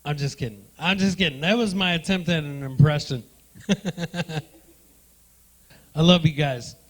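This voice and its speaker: A man's voice: a little high, measured pace, poor audio. A man doing crude, brash stand-up comedy and crowd work as the emcee on a comedy club stage.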